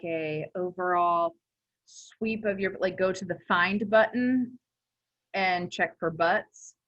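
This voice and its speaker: A woman's voice: lowish voice, fairly bright tone, highs cut off. A young woman teaching a class in a casual, chatty way, full of filler words and self-corrections. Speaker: instructor.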